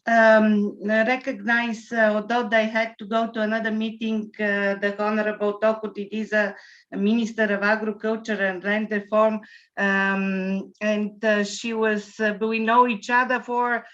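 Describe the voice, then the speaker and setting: Woman guest speaker, mid pitch, hesitant, lo-fi video call. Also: little pitch movement, a little slow. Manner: hesitant, many fillers, warm greetings. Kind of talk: formal acknowledgements speech. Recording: dull lo-fi video call audio.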